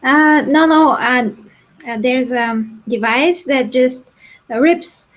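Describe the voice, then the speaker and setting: A woman's voice: sits high, slow pace, rough recording. A woman in a casual review chat, hesitant and searching for her words.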